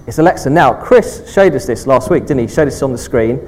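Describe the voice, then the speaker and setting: A man's voice: mid-range voice, expressive, fairly quick, darkish tone, slight background noise, low-quality recording. A man leading an informal all-age church talk, friendly and chatty, often checking in with "okay" and talking with children.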